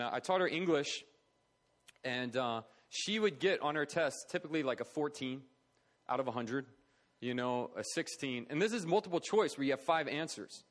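A middle-aged man speaking at a charity talk, telling a personal story in an earnest, conversational way. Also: on the high side. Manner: earnest, conversational, acts out quoted voices.

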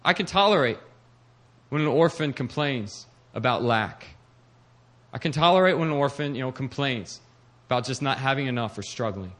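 A middle-aged male pastor preaching a sermon, moving from hushed, searching passages to fervent, urgent appeals. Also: medium pitch, expressive, moderate pace.

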